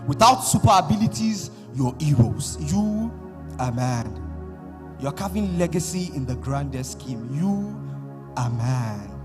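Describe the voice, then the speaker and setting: Nigerian male spoken word poet, lively rising and falling delivery, music underneath, big hall echo. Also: fairly high pitch. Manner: dramatic, rhythmic recitation with long pauses. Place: large conference hall. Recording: hall reverb with music bed.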